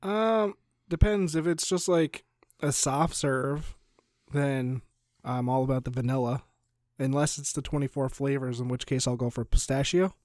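A man co-hosting a casual podcast, speaking in a relaxed, easygoing way and filling his talk with "like.". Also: mid-range voice, a little slow, no echo, clean studio sound. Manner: relaxed, easygoing, lots of "like" and short agreeing replies. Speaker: podcast co-host. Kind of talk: casual chat.

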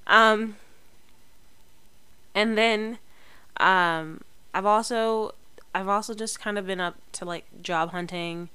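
Chatty young woman vlogger, clear voice. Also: mid-range voice, steady tone, slow, long pauses, pushed and bright, no echo. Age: young adult. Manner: chatty, rambling, lots of fillers and self-corrections. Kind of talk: casual chat to camera.

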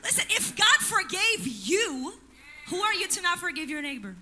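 Woman pastor, very high and piercing voice, emphatic sermon with call-and-response. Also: sing-song, normal speed, bright, forceful tone, a little hiss or hum. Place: church.

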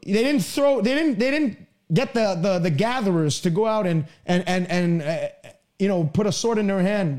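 A man preaching a broadcast sermon, emphatic, swinging between raised pleading lines and low, quieter asides.

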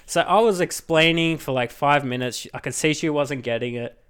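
A man co-hosting a board game podcast, telling a story in a casual, animated way and laughing often. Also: on the high side, brisk, smooth. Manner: laughs often, animated retelling with acted quotes. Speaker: podcast host.

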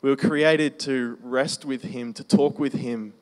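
Guy giving his testimony at church, chatty storytelling, slows right down on the big points. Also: mid-range voice, steady tone. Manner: conversational storytelling, slowing for emphasis. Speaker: preacher sharing his testimony. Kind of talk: testimony sermon.

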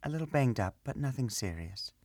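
A man voicing a calm, gracious female high priestess in a storybook reading, soft and courteous. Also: fairly quick, husky, dry recording. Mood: shaken, gracious.

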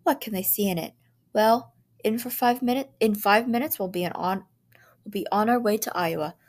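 A woman's voice: mid-range voice, normal speed, voice pushed up, natural voice. A woman reading the part of a weary, anxious mother who sighs and pleads.

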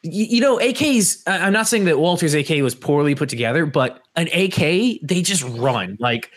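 A man's voice: on the high side, animated, normal speed. A man co-hosting a casual podcast chat, reacting eagerly. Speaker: podcast co-host.

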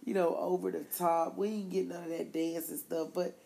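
Brief: female podcast co-host, casual rambling music talk, frequent laughs, lots of vocal fry. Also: on the low side, flat delivery, dark tone. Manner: rambling, laughs often, quick asides. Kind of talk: casual chat about music.

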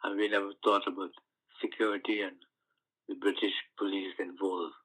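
An older man from the West Indies, recalling his past in an oral history interview, telling stories with halting restarts. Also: deep voice, low-quality recording. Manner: storytelling, animated recollections with halting restarts.

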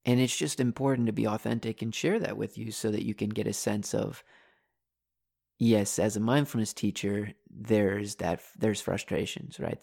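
A young man, a mindfulness teacher, talking candidly into a desktop mic in his bedroom, animated and venting frustration. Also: on the low side, vocal fry. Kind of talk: casual candid vlog talk. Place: bedroom at home. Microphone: desktop USB condenser mic.

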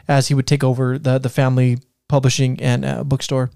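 A man's voice: medium pitch, monotone, fairly quick, gravelly, warm tone, clean tone, no echo, studio quality. A man co-hosting a casual history podcast, reading from notes with many fillers and restarts. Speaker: podcast co-host presenting history.

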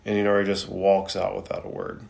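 A man's voice: low voice, completely flat delivery, fairly quick, gravelly, darkish tone. A man recapping an anime episode in a laid-back, casual way, swearing freely and using loose filler words. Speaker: anime reviewer.

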